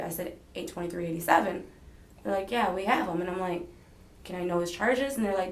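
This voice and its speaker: Rambling woman in an echoey room. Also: on the low side. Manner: rambling, hedging, retells dialogue. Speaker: interrogation subject. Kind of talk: police interrogation statement. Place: police interrogation room.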